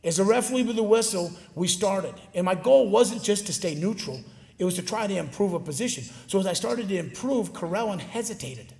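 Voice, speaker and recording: Animated man telling a story in a big hall. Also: high voice, brisk, vocal fry. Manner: animated, acts out quoted voices. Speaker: motivational speaker. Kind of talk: storytelling speech to a live audience. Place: large gymnasium. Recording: long hall reverb.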